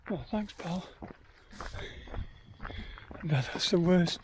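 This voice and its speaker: A man's voice: high voice, fairly even intonation, unhurried, long pauses, warm tone, slight background noise. A man, worn out after heatstroke, vlogging about his ultra run in a rambling, hesitant way with many ums. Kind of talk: casual self-filmed vlog.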